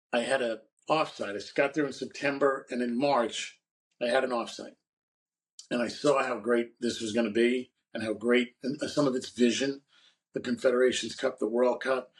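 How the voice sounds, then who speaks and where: A man's voice: medium pitch, recorded from a distance, rough recording. A man co-hosting a podcast, telling rambling stories about his career in a casual chat. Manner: rambling anecdotal storyteller. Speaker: podcast co-host.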